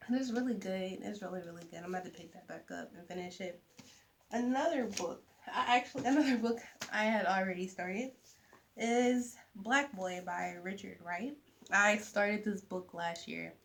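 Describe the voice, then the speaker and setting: A young woman chatting casually to camera about books, animated, with soft asides. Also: mid-range voice, moderate pace, a little hiss or hum. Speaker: vlogger. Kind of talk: casual book chat to camera.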